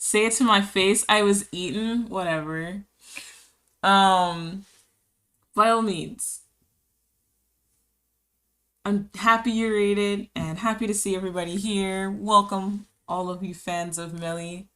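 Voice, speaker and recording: Bright-voiced woman streamer chatting. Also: medium pitch, fairly even intonation, slow pace, long pauses. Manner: chatty, giggly, reads chat aloud. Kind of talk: casual live-stream chat.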